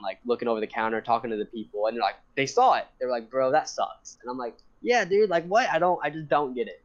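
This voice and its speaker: A young man telling a long story in casual chat, rambling and animated, swearing and laughing often. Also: mid-range voice. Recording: dull lo-fi sound.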